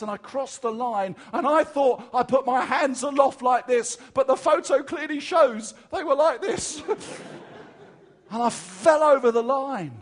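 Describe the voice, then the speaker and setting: Male English preacher, high voice, animated storyteller in a sermon.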